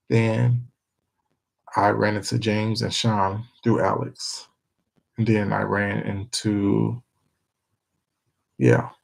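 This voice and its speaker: Give me a husky man chatting loosely with viewers on a livestream, swearing as he goes. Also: on the low side, poor audio. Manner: rambling, laughing, swears freely. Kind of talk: casual chat with viewers.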